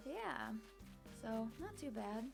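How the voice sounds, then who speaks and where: A woman's voice: fairly high pitch, sing-song, slow, creaky, music in the background. A young woman casually commenting on her gameplay, chatty and self-deprecating with many fillers, at a desk microphone. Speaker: streamer.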